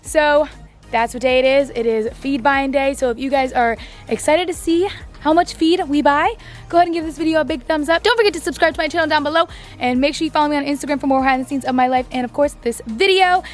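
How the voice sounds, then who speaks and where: A woman's voice: high voice, fast, soft background music. A woman vlogging casually on her farm, bubbly and chatty, talking to the camera about feeding her animals. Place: outdoors on a farm, then a feed shed.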